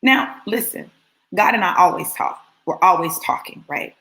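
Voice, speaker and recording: A woman giving a casual, animated testimony to live viewers, repeating phrases for emphasis as she tells her story. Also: on the low side, moderate pace, vocal fry, poor audio. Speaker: motivational speaker addressing live viewers.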